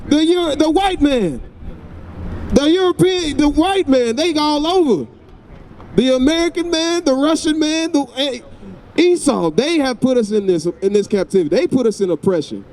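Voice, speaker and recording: A man's voice: extremely high pitch, lively intonation, normal speed, a little mellow, slight background noise. A man with a Southern US accent preaching on a city street, asking pointed questions and repeating phrases for emphasis.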